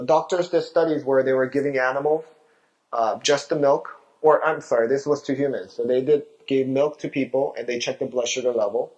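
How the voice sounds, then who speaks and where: A man's voice: medium pitch, darkish tone, muffled recording. A male physician giving a health talk, explaining diet with rhetorical questions.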